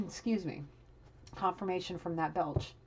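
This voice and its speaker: A woman giving a casual tarot reading, blunt and profane, scolding and animated as she talks. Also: lowish voice, a little slow, dull audio, background noise. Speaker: tarot reader.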